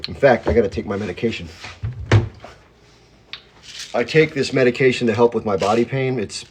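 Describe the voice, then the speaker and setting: A self-described hyped-up talker, this man hosts a laid-back livestream from home using his phone, chewing as he rambles and welcomes viewers by name when their comments arrive. His medium-pitched voice moves at a moderate pace over background noise.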